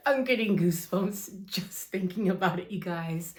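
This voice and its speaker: A woman's voice: medium pitch, takes it slowly, long pauses. A woman in her thirties hosting a wrestling talk show, gushing and emotional, calling her viewers "you guys" and exclaiming "oh my gosh.". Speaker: wrestling vlogger. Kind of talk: excited casual chat to camera. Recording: echoey room.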